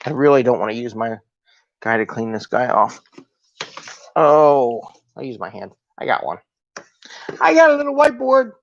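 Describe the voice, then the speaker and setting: A man's voice: medium pitch, moderate pace, vocal fry, pauses often, highs cut off. A man hosting a live solo video talk as an agile coach, talking in an upbeat, conversational way and asking his viewers rhetorical questions.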